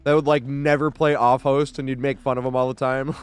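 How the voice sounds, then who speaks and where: A man's voice: medium pitch, normal speed, clear, resonant tone. A man in his thirties streaming a game live from home, chatting casually in a rambling way, laughing often and swearing freely.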